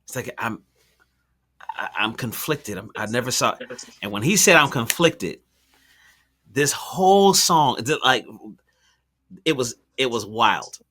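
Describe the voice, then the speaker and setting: Bright-toned man telling a story casually. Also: mid-range voice, moderate pace. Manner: animated, slangy storyteller with many fillers and restarts. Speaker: podcast host.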